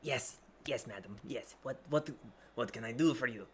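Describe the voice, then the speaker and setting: A man's voice: medium pitch, normal speed, noisy background, close to an everyday voice. A man voicing a fussy, fawning male goblin servant who haggles and repeats himself. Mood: haggling.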